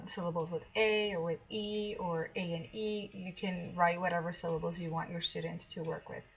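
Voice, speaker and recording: A woman's voice: fairly low pitch, a bit bright, highs cut off. A woman teacher walking listeners through classroom activities in a chatty, explanatory way, with frequent ums and restarts. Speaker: teacher-author showing a product. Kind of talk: casual screen walkthrough.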